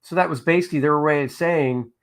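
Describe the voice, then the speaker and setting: A man's voice: a little high, a little fast. An older man who inks comics, casually telling stories of his work on a live drawing stream and reading out viewer comments. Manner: chatty anecdotal storyteller, reads out chat comments. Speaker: comic book inker hosting a drawing stream.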